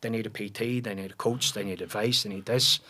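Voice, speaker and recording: A man in his forties with a Northern Irish accent, a podcast guest telling relaxed stories in casual chat, often restarting his sentences around fillers. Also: on the low side, fairly quick, a little hiss or hum. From Northern Ireland.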